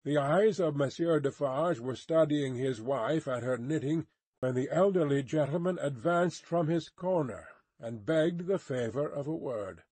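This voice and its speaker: Slow, careful male audiobook narrator. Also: a little high, darkish tone, breathy edge, no room sound. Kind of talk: scripted narration of a classic novel.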